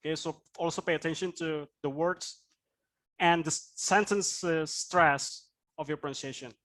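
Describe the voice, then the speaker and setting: High-voiced man teaching a class. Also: fairly even intonation, normal speed, fairly bright tone. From Indonesia. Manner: explanatory, with frequent "right?" tag questions. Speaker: IELTS speaking instructor.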